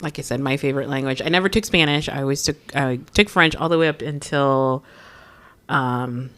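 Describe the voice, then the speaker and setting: Female podcast co-host, low voice, loose rambling storyteller. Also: a little fast, a bit bright. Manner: rambling, casual swearing, trailing off. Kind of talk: casual chat.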